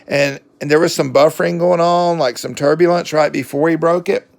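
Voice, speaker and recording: A man with a Southern accent talks through a book review in a casual, folksy ramble, stopping for fillers and correcting himself as he goes. His voice sits a little high with a gravelly, fry-edged texture. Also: fairly even intonation, normal speed. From southern United States.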